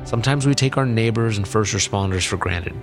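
A man with a lowish voice reads scripted narration in a measured, solemn way. Music plays clearly under his voice. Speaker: narrator of the program.

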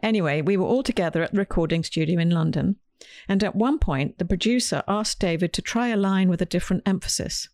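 A woman's voice: lowish voice, fast, few pauses, darkish tone, dry recording. A woman podcast host and children's author, telling a scripted story with dry humor.

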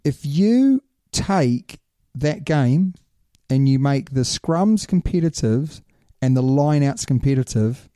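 Opinionated man with a very dark voice. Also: medium pitch, takes it slowly, no echo, studio quality. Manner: animated, opinionated, says "mate". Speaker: rugby podcast host. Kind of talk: casual chat.

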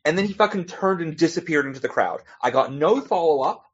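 A man's voice: a little high, lively intonation, brisk, a little hiss or hum. A man, a comic author on a podcast as a guest, telling rambling anecdotes in a casual chat and laughing between restarts. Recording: dull lo-fi podcast audio.

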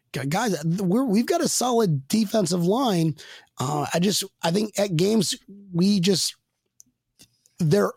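A man with a raised, gravelly voice chats about a game, excitable and rambling. He laughs easily and trips over his own sentences. The sound is dry and close. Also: fairly high pitch, dry recording. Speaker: podcast host. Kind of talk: casual sports chat.

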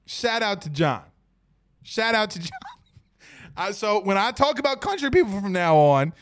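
A man with a high voice hosts a casual sports podcast. He talks with animation and jokes as he speaks straight to his listeners. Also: sing-song, normal speed, pauses often, fairly bright tone.

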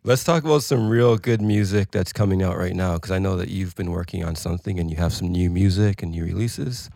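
A man with a deep, gravelly voice hosts a casual podcast. He keeps the talk easygoing as he steers it, and the sound is dry and close. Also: a little fast, warm tone, dry recording. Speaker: podcast host.

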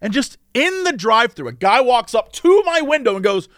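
High-voiced animated storytelling man. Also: moderate pace, no echo, studio quality. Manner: animated storyteller, laughs often. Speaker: podcast co-host. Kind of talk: casual chat. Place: lives in a live-work office complex in a city.

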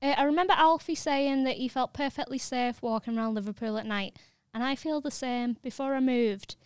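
A woman co-hosts a podcast with a voice pitched a little high. She reads listener questions and chats in brisk, short replies. The sound is close and dry. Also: clean tone, no room sound. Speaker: podcast co-host. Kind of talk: casual studio chat, reading listener questions.

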